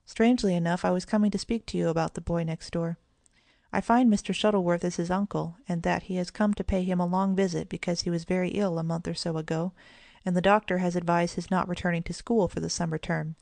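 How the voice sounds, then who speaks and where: A sensible, kindly mother of two children speaks in a grave, gentle manner in a storybook reading, voiced by a woman. The voice is low with a gravelly edge of vocal fry. The recording is close and dry, with no room sound. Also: steady tone, quick pace, dry recording.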